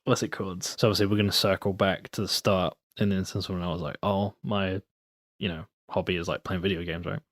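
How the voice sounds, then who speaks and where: A young man chatting casually as a podcast guest, telling a long story in a relaxed way and acting out his friends' lines. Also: sits low, fast talker, no echo, studio quality. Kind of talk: casual chat.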